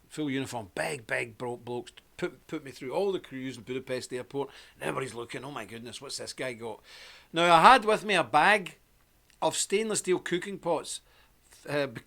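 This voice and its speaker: A man hosting a casual live stream, spinning a long personal anecdote in a loose, talkative manner. His speaking voice sits a little higher than most men's. He breaks off to welcome viewers one by one. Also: bright, forceful tone. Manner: chatty and anecdotal, greeting viewers by name.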